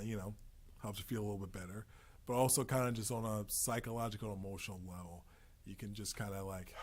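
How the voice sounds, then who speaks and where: A man's voice: fairly low pitch, breathy edge. A man hosting a podcast, talking casually about spiritual practices in a rambling, playful way, now and then slipping into silly voices. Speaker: podcast host.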